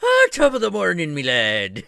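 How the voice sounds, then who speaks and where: A loud, high-pitched, rowdy drunken Irishman, as a man puts him on in a deliberately terrible fake accent. He barks insults fast, his voice jumping all over the place. The sound is close and dry. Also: huge pitch swings, creaky, dry recording, heavily acted. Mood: cheery.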